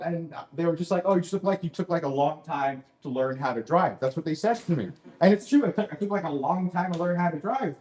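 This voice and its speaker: A man's voice: on the high side, darkish tone, echoey room. A man doing a stand-up set in a comedy club, self-deprecating and rambling into asides, with a Canadian accent.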